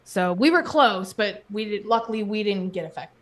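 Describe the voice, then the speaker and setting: A woman's voice: medium pitch, expressive, normal speed. A woman guest on a podcast, chatting casually and rambling through stories.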